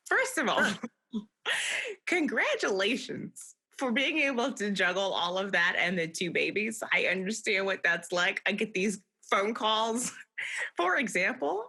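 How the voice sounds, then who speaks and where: A woman's voice: medium pitch, breathy edge. A woman hosting a podcast interview, talking in a chatty, reflective way and laughing often. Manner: warm laughing, reflective, speaks of faith. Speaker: podcast host and mediator. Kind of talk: conversational interview.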